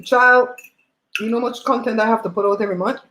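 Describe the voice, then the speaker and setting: A woman hosting a livestream, chatting and telling stories in an animated way while eating at home on a laptop mic. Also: a little high, fast, roomy sound, low-quality recording. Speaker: host.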